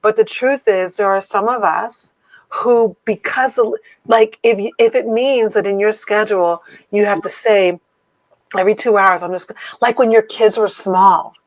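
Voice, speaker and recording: A woman in her fifties co-hosts a casual podcast chat from her home office. She talks emphatically and playfully, with a preachy edge, at a middle pitch. The recording is dry and close, with no room sound. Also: fairly even intonation, unhurried, no echo, rough recording. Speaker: podcast co-host.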